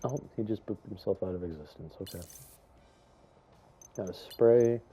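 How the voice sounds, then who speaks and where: A young man giving casual, rambling commentary on a video game, chatty and excitable, with lots of fillers and some stuttering. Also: on the low side, normal speed, husky, faint music behind. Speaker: gaming YouTuber.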